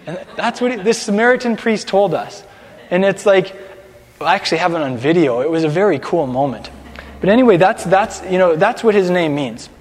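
High-voiced man preaching in a reverberant hall. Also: fairly quick. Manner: chatty, repeats words, has listeners repeat after him. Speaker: congregation teacher. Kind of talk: conversational sermon.

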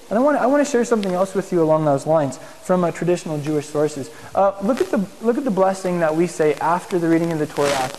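Guy giving a chatty sermon, high-ish warm voice, keeps asking the room stuff, long echo. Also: animated, brisk. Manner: conversational, asks the room questions. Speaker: congregation teacher. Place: meeting room with congregation. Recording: long hall reverb.

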